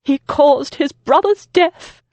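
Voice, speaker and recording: A woman's voice: normal speed, darkish tone, dry recording. A woman voicing a bitter, grieving older noblewoman who speaks shrilly and hisses her words. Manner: shrill, hissing.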